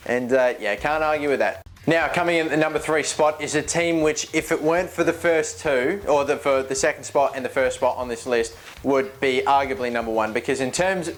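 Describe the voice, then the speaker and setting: A man giving casual, joking gaming commentary, chatty and rambling, often correcting himself mid-sentence. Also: mid-range voice. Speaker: video game YouTuber.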